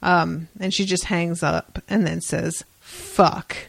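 A woman hosting a casual book discussion, retelling scenes with animated, dry asides and frequent swearing. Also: lowish voice, unhurried, creaky, no room sound. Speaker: podcast host.

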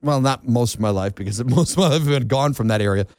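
A man's voice: mid-range voice, fast talker, a little mellow, no echo, clean studio sound. A man who grew up in New England, hosting a talk show and ranting in an exasperated, mocking way. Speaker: radio show host. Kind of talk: opinionated monologue. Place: Florida.

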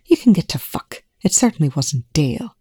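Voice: mid-range voice, sing-song, fairly quick, mellow, husky, dry recording. A reader voicing a sardonic, coolly cutting male scientist in a fan fiction reading, with dry, sarcastic, politely biting delivery. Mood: scathing.

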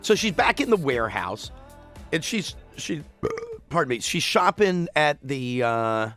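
A man's voice: fairly high pitch, very animated, measured pace, fairly bright tone, faint music behind. A man co-hosting a talk show, casually retelling a news story in a rambling way with frequent chuckles. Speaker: radio show co-host.

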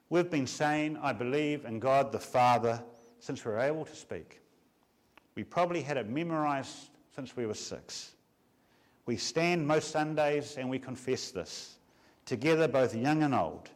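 Preaching on a Sunday afternoon, a man who is a pastor uses a medium-pitched voice. His sermon carries measured emphasis and is full of rhetorical questions.

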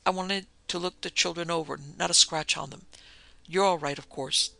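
A man's voice: a little high, fairly even intonation, moderate pace, creaky, sharp tone, dry recording, heavily acted. A man reading a brusque, commanding rich husband. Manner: abrupt, commanding.

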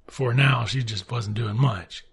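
A man's voice: mid-range voice, measured pace, husky. A man retelling a novel's plot in a casual, sarcastic and heavily profane way. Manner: sarcastic, swearing, offhand. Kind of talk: casual profane book recap.

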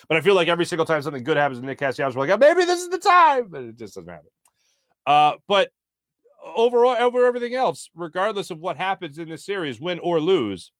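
A man's voice: medium pitch, no room sound, clean studio sound. A man hosting a sports talk show, chatting casually with lots of fillers while reading viewer comments. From United States.

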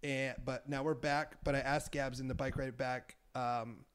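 A man's voice: mid-range voice, little pitch movement, measured pace, smooth. A young man hosting a podcast in casual chat, teasing his guest and laughing often. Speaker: podcast host.

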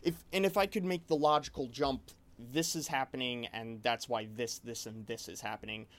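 Man, casual chat, rambling, restarts a lot, mid-pitched voice. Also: normal speed. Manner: rambling, animated storytelling with many restarts. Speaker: game master.

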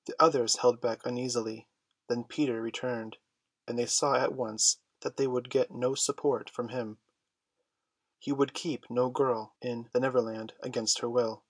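A man reading a classic children's story aloud, in a measured storytelling manner. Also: mid-range voice, fairly even intonation, slightly rough, dry recording. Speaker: audiobook reader. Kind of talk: storybook narration.

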